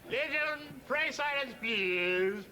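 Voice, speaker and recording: A man voicing a pompous toastmaster, announcing in a shrill raised voice. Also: animated, moderate pace, pushed and bright, a little hiss or hum, exaggerated voice, poor audio.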